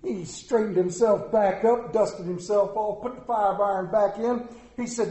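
High-voiced preacher in an echoey hall. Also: male voice, measured pace, few pauses. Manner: storytelling, animated, acts out voices in anecdotes. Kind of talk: sermon. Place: large room with audience. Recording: echoey room.

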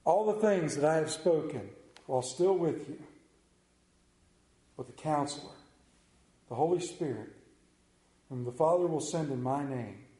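A man with a somewhat high, mellow voice preaches a sermon in an echoey church. He leans on dramatic pauses and sinks to a near hush on the words that matter. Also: lively intonation. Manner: dramatic pauses, drops to a hushed voice on key words. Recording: echoey room.

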